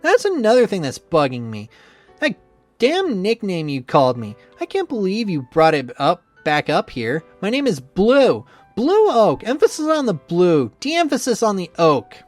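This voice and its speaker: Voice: medium pitch, wildly swooping pitch, normal speed, dry recording. A spiteful young rival man, voiced by the reader, sneers through every line and swears freely. The speech rises and falls in wide swings. Faint music plays behind him. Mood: angry. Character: bitter, resentful young male rival, sneering. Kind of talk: visual novel voice acting.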